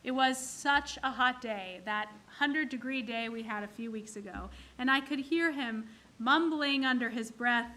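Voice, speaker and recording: A woman's voice: a little high, measured pace, bright, forceful tone. A woman from the clergy giving a sermon in a synagogue, telling jokes and acting out their characters. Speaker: clergy leading a service.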